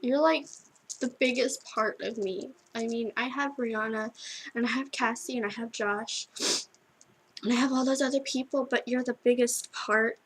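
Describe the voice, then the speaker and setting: A teenage girl speaks through tears in a heartfelt video message, stopping and restarting with fillers. Her voice is slightly high and breathy. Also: fairly even intonation, rough recording. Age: teens. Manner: halting and tearful, full of restarts and fillers. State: crying. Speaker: vlogger. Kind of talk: emotional video message to a friend.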